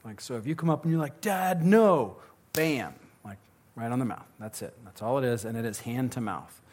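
A man's voice: mid-range voice, animated, fast, a little mellow. Guy taking audience questions at a talk, chatty and jokey, restarts a lot. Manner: conversational, joking, restarts often. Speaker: speaker answering audience questions on parenting. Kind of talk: live Q&A talk.

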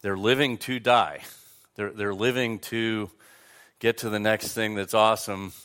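A man's voice: lowish voice, fairly even intonation, a little slow, fairly bright tone, clear, resonant tone. A man preaching as a pastor, teaching in a conversational way with frequent restarts and fillers. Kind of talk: sermon.

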